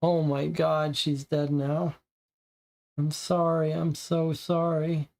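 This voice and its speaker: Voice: mid-range voice, level tone, creaky, darkish tone. A reader voicing a nervous, frightened teenage boy witness who stammers and stumbles over his words. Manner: halting, stammering.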